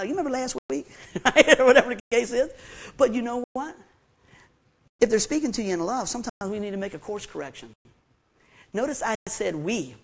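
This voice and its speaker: A man preaching a sermon to his congregation in a folksy, animated way, with lots of questions to the listeners. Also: high-pitched, gravelly. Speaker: pastor.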